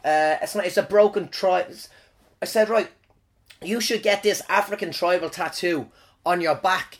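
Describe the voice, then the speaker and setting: An Irish man in his thirties hosts a podcast solo, delivering a casual comic monologue of crude stories. His voice is high and his speed normal, and he swears, rambles, and restarts often.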